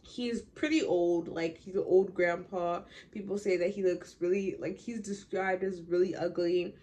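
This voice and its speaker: A young woman casually summarizing a classic novel, full of "like" and "um", slipping into quick voices for the townsfolk. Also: fairly low pitch, steady tone, dark tone. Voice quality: chatty, filler-heavy, lots of "like". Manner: acts out townsfolk in quick quoted bits. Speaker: book summarizer.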